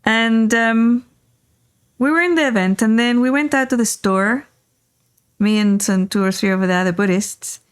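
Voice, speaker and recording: A woman's voice: a little high, moderate pace, clear, resonant tone. A middle-aged woman hosting a casual talk show, telling rambling personal anecdotes with many fillers while riding in a car. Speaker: podcast host. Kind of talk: casual storytelling chat.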